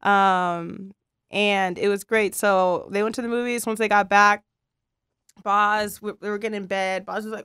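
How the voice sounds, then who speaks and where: A woman's voice: medium pitch, brisk, clear, resonant tone, dry recording, studio quality. A woman co-hosting a podcast, chatting casually and acting out the quotes in her funny stories with bursts of laughter. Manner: animated storyteller who acts out quoted dialogue with laughter. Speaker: podcast co-host. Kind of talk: casual chat, storytelling.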